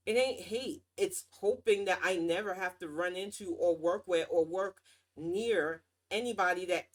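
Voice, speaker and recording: On the show she hosts, this woman mocks and ribs her way through casual political commentary. The rant is sarcastic, and her voice moves lively between high and low, loud and soft.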